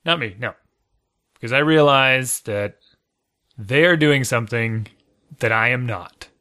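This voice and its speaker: A man's voice: mid-range voice, measured pace, bright, forceful tone. Rambling, self-deprecating man in casual chat. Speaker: podcast co-host.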